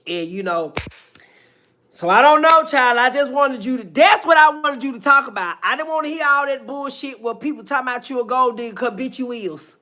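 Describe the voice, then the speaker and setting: A woman's voice: on the high side, a bit bright. A woman giving casual reaction commentary, blunt and profane, ranting at length.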